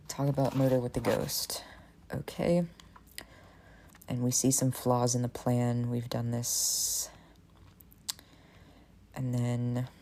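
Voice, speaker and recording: Low, creaky-voiced woman streamer. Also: a little hiss or hum. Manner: relaxed, thinks aloud with many "okay"s. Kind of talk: casual game playthrough and reading aloud.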